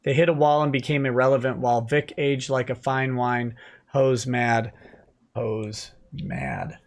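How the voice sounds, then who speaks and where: A man's voice: medium pitch, little pitch movement, normal speed. A man hosting a casual late-night livestream, reading viewer comments aloud and answering them with dry quips.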